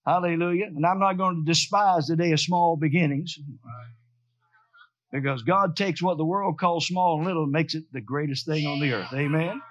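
Male pastor, high voice, fervent call-and-response sermon, slightly dull sound. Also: normal speed. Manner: preaching with rising fervor and call-and-response.

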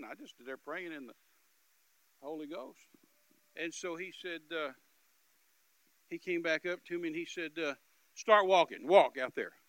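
A man giving an animated, emphatic storytelling testimony as a minister, with repetitive phrasing and loud bursts. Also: fairly high pitch, poor audio.

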